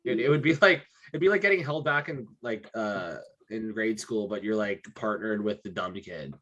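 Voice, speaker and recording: A young man co-hosting a podcast, chatting casually about hockey in animated bursts and often tagging his points with "right?". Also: on the low side, highs cut off. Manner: animated, talks in quick bursts with frequent "right?". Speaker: podcast co-host. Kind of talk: casual sports chat.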